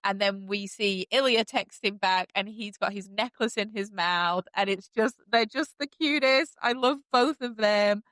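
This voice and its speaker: Woman podcast host, casual recap chat, enthusiastic, smooth and resonant, dry close sound. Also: mid-range voice, unhurried, hardly any pauses, a bit bright, no room sound. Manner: chatty and enthusiastic, many fillers.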